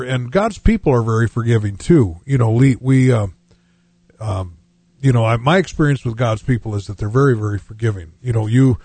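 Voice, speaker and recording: An older male host talks in a gentle, halting way, full of small pauses and fillers. His voice is husky and mellow, and the recording is dry and close. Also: mid-range voice, dry recording. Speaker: program host. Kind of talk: reflective radio talk.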